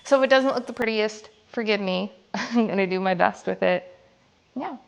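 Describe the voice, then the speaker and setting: A woman's voice: medium pitch, normal speed, gravelly, noisy background. A young woman filming a casual workout vlog in her home gym, chatty and laughing between sets, a little out of breath. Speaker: fitness vlogger.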